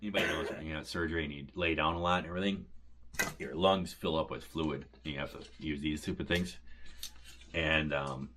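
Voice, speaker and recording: A man's voice: very deep voice, steady tone, fairly quick, fairly bright tone, a little hiss or hum. A man, recovering from back surgery, giving a rambling casual update to his viewers and retelling his conversations. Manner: rambling, repeats "and stuff" and "he says", retells conversations. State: recovering from back surgery, occasional pain when coughing. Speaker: homestead vlogger.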